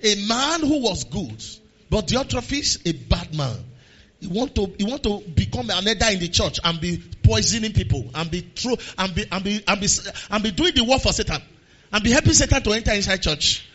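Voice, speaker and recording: A man with a Nigerian accent preaching a sermon to his church, moving between quiet talk and shouted prayer. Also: sits high, lively intonation, normal speed, breathy edge, highs cut off. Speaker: pastor. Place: church service.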